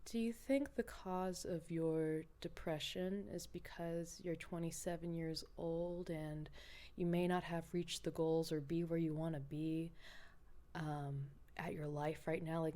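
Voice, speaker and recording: A woman voicing a calm, soft-spoken female hotline worker who talks quietly and gently. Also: low-pitched, a little slow. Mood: gentle.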